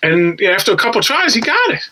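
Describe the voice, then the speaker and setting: A man's voice: high-pitched, big pitch swings, brisk, pushed and bright, low-quality recording. A man hosting a podcast, chatting casually and enthusiastically about a reality race. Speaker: podcast host. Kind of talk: casual recap chat.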